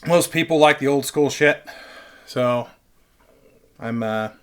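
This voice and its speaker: A man's voice: medium pitch, slow pace, a bit bright, clean tone. A man casually telling a rambling, profane story straight to his webcam, with lots of fillers. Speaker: vlogger. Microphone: webcam picking up the mic closely.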